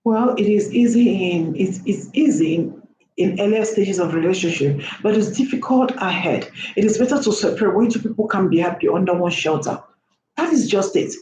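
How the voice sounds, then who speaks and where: A woman's voice: medium pitch, normal speed, mellow. A woman giving an impassioned opinion monologue, lecturing with repeated rhetorical questions. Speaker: vlogger. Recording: roomy echo, faint background hum.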